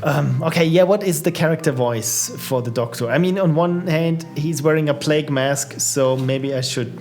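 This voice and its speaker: A man's voice: fairly high pitch, normal speed, over music. A man casually commenting while live-streaming and trying out indie games, chatty and upbeat, reacting aloud to what he sees. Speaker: streamer playing viewers' games.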